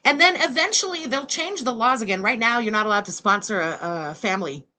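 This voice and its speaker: Sharp, scornful woman host. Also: a little high, lively intonation, a little fast, a little hiss or hum. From Canada. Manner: scornful, sarcastic, blunt. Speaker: commentary channel host. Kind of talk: reaction livestream commentary.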